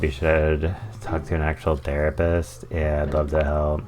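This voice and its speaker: A man with a very deep voice gives wry, sarcastic live commentary as he plays. He talks slowly. Faint music sits behind him. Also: monotone, darkish tone. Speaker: streamer.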